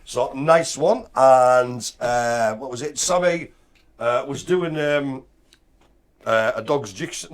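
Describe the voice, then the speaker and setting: A man's voice: medium pitch, takes it slowly. A man co-hosting a casual live stream, bantering and joking. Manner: jokey, lively banter. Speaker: co-host.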